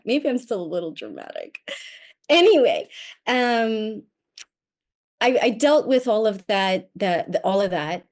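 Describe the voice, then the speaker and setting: Animated woman telling a personal story. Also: fairly low pitch. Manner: animated and self-mocking, acting out quoted voices. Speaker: podcast guest.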